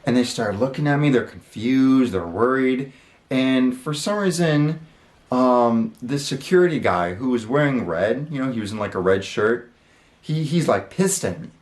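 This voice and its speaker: A man of middle pitch telling a story in a loose, rambling way, full of fillers and casual cursing. He is recorded in his own room, and the sound carries a noticeable roomy echo. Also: lively intonation, moderate pace. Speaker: channel host.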